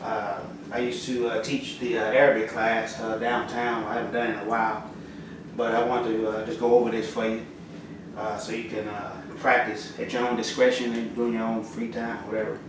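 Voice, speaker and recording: A man teaching the Arabic alphabet in a halting, casual way, with lots of fillers and slow, clear letter drills. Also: lowish voice, level tone. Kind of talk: casual spoken lesson. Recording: roomy echo from far off, audible noise.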